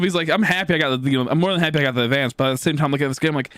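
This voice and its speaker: A man's voice: on the high side, racing, hardly any pauses, fairly bright tone, no echo. A man in his twenties telling a long story while streaming, rambling with many fillers and swearing. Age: 20s. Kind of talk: casual storytelling.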